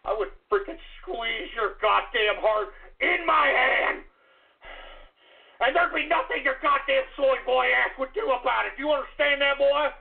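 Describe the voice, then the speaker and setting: A man hosting a radio show, launching into an angry, profane rant full of insults and repeated shouting. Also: extremely high pitch, unhurried, vocal fry, breathy edge. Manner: furious, insulting, repetitive shouting. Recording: lo-fi phone-like radio audio.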